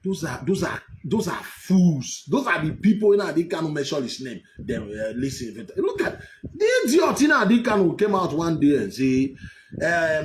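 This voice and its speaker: A man with a Nigerian accent hosting political commentary, mocking and laughing, sometimes breaking into shouts. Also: fairly high pitch, sing-song, moderate pace, slight background noise, rough recording. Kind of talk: animated live commentary.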